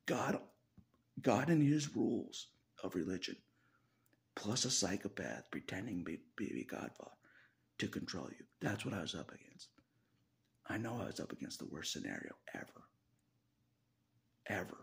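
A man's voice: on the low side, very animated, normal speed, vocal fry, long pauses. A man talking in a casual confessional vlog monologue, laughing often, swearing, and sometimes dropping into a whisper. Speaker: video blogger.

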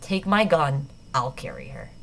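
Scornful teenage boy, blunt and bossy, lower and gruff, for an audiobook voiced by a woman reader. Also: lively intonation, a little slow, fairly bright tone, slight background noise, exaggerated voice. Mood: curt.

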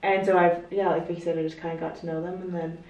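A woman's voice: on the low side, little pitch movement, quick pace, darkish tone, muffled recording. A woman from Canada chatting casually as a guest, playful and self-mocking. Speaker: guest triathlete. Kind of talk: casual chat. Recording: echoey room from far off.

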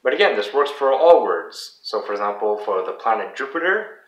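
A man's voice: lowish voice, sing-song. Man teaching French, roomy distant sound. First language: English. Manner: patient, repeats example words slowly. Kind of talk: casual video lesson.

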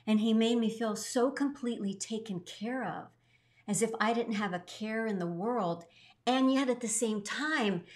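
A middle-aged woman co-hosting a show, earnestly telling an emotional personal story with swings in her voice. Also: mid-range voice. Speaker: co-host. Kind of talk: heartfelt storytelling.

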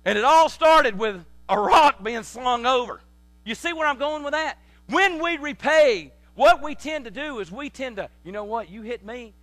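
A pastor preaches an animated sermon in a high, bright, cutting voice. He repeats words as he builds and leans on folksy family stories. The sound is close and dry, with a faint electrical hum underneath. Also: moderate pace, no echo. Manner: tells folksy family anecdotes. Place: church sanctuary.

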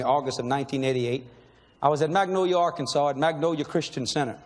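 A middle-aged man, telling a story in a sermon with animated energy, laughing and shouting at the peaks. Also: on the high side. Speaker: preacher. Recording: long reverb in a large hall, faint noise.

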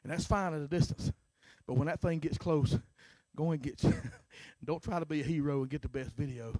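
A middle-aged man preaching a sermon as pastor, starting lines with a filler "uh" and swinging from shouts to hushed talk. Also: fairly high pitch, brisk, no echo. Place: church sanctuary.

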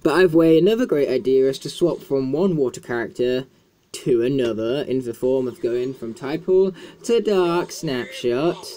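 A man's voice: medium pitch, moderate pace, mellow. A man chatting casually as he plays a video game, in a talkative, self-mocking way. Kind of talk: casual gameplay commentary.

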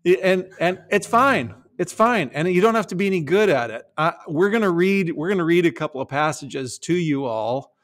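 A middle-aged man talking on a podcast in a lively, casual way, laughing often and slipping into silly voices. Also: high-pitched, normal speed, hardly any pauses. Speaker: podcast host.

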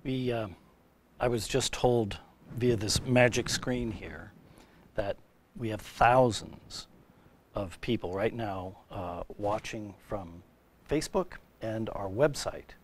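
Low-voiced man moderating a livestream. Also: slight background noise. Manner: measured, reads viewer questions, brief assents. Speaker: college administrator and moderator.

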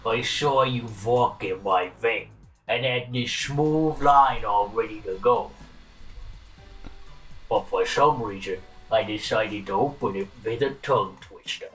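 A man's voice: on the low side, measured pace, fairly bright tone, far from the mic, faint music behind, poor audio. A man voicing a whiny, flirtatious male troll who fancies himself a greaser poet, overwrought and self-pitying. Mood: smarmy. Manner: overwrought, self-pitying, swears between lines.

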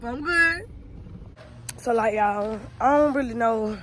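Young adult woman, vlogger. High, bright and brash, rambling and profane, with faint car noise behind. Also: animated, slow. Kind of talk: casual vlog rant.

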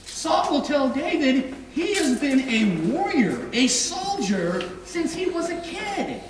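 Male preacher, unhurried, lively storytelling delivery; distant noisy mic in a reverberant room. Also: extremely high pitch. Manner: lively storytelling, acting out quoted voices. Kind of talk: sermon. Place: church sanctuary. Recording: echoey hall from far off, noisy.

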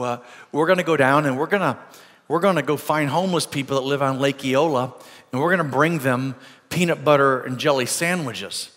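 A man's voice: a little high, fairly bright tone, big-room sound. A man with an American accent preaching a sermon as pastor, telling a story earnestly with repeated phrases. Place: church sanctuary.

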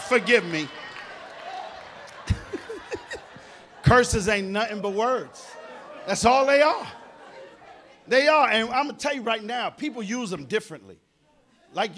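Brash high-voiced stand-up comedian. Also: male voice. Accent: New York. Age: middle-aged. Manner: loud, brash, swinging from mutters to shouts. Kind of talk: live stand-up set. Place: live theater stage.

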